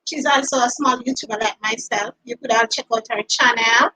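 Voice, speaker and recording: A Jamaican woman hosts a livestream. She has a high voice with a bright, sharp edge. She speaks in a welcoming way and thanks her viewers. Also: steady tone, moderate pace, low-quality recording. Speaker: livestream host. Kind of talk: casual chat.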